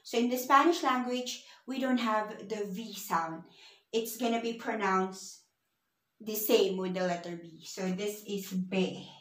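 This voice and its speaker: A woman's voice: medium pitch, a little slow, a bit bright, roomy sound, poor audio. A woman teaching a beginner Spanish lesson, patiently spelling words out letter by letter.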